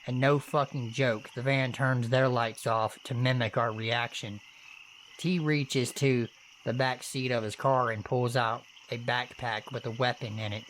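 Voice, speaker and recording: A man reading true scary stories aloud in the first person, his voice pitched in an ordinary middle range. He tells them steadily and earnestly, with the odd casual curse. Faint crickets and insects chirp in the background. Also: fairly even intonation, a little slow, a bit bright, slight background noise. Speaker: horror story narrator. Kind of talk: first-person horror story narration.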